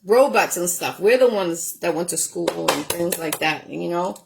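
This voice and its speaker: A woman's voice: lowish voice, normal speed, creaky, background noise. A woman hosting a home cooking show, chatting in a rambling way with lots of ums while she cooks. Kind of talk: casual chat while cooking. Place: home kitchen.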